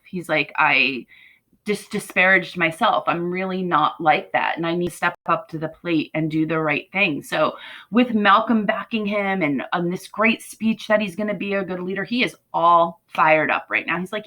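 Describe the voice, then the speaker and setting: A woman teacher talking casually through a play for her students, often checking in with "right?" and retelling scenes in lively paraphrase. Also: lowish voice, moderate pace, low-quality recording. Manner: conversational, asks "right?" often, paraphrases lines in lively quotes.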